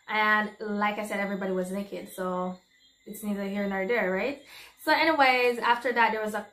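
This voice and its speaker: A woman telling a candid, chatty storytime vlog, breaking into exclamations as she recounts events. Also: medium pitch. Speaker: vlogger. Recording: roomy echo.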